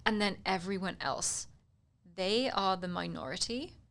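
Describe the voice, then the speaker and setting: A woman's voice: medium pitch, a little slow, fairly bright tone. A woman, a guest on a radio talk show, breezy and wry, laughing easily. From United Kingdom. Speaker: guest commentator. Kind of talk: casual interview chat. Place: radio studio.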